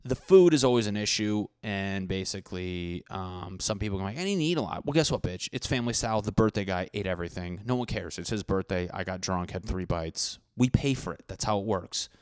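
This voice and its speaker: A man's voice: low-pitched, fairly quick, few pauses, a little mellow, smooth, no echo, studio quality. A young man hosting a solo podcast, ranting comically with profanity and mocking voices for other people. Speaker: podcast host. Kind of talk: solo comedic rant.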